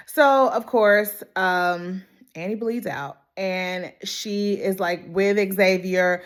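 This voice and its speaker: A woman's voice: mid-range voice, a little slow. A young woman, chatting casually through a TV episode recap with dramatic exclamations. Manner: animated, laughs often, dramatic exclamations. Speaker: show recap vlogger.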